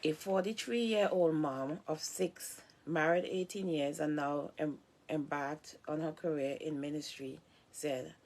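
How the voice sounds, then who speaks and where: Woman vlogger, low gravelly voice, reads aloud slowly, stumbles and restarts words. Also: steady tone, darkish tone. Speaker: vlogger reading a book aloud. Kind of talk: slow reading aloud.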